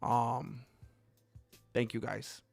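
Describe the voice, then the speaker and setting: A man's voice: mid-range voice, little pitch movement, very slow, vocal fry, no room sound, faint music behind. A man hosting a casual live stream, joking and thanking donors as he reacts to the fights. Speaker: livestream host reacting to fights.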